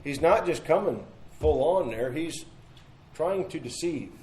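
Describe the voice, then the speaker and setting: A man's voice: on the high side, lively intonation, a little slow, darkish tone, roomy sound, a little hiss or hum, rough recording. A man teaching a midweek Bible study in an earnest, conversational way, repeating phrases and asking rhetorical questions, recorded in a church room.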